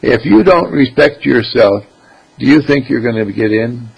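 A man's voice: medium pitch, lively intonation, moderate pace, gravelly, husky, rough recording. A man giving an informal spiritual talk as a teacher, with conversational asides and many rhetorical questions.

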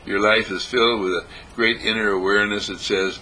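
A man giving a spiritual meditation talk, gentle and repetitive, with sing-song emphasis. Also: fairly low pitch, steady tone, fairly quick, hardly any pauses, a little hiss or hum, low-quality recording. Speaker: spiritual teacher. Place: monastery breakfast table.

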